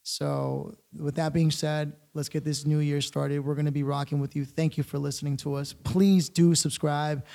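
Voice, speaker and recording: Gravelly podcast host, blunt and profane. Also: male voice, fairly high pitch, little pitch movement, normal speed, few pauses, mellow. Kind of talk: casual podcast chat.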